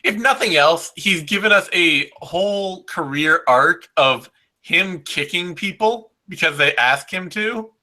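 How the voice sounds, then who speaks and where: Bright, high-voiced man chatting casually. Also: a little slow. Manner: animated, laughing, mimics fighters. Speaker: podcast co-host. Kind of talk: casual chat.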